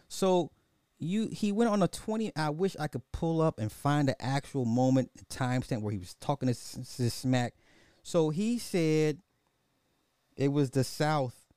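A man's voice: mid-range voice, warm tone, clear, resonant tone, no echo, studio quality. Mocking man ranting on a podcast. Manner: repeats rhetorical questions, mocking and chuckling. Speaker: podcast host. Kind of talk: casual social commentary monologue.

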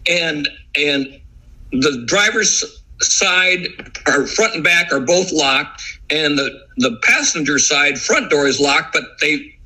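A man's voice: on the high side, animated, takes it slowly, sharp tone, slightly rough, rough recording. A middle-aged man, a guest author, telling long rambling stories in a casual chat with many restarts. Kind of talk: casual storytelling.

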